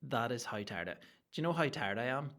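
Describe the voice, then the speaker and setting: A man hosting a solo comedy podcast, rambling in an excitable, crude rant full of restarts. His voice sits at an ordinary middle pitch for a man. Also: fairly quick. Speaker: podcast host.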